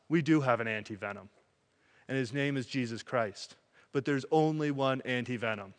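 A man preaching a sermon in an animated way, acting out voices as he tells a story. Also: medium pitch, big-room sound. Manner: animated, acts out quoted voices.

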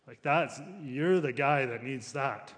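A man's voice: mid-range voice, slow, fairly bright tone, big-room sound. A man preaching a sermon as a pastor, talking through the passage in a conversational way with frequent restarts.

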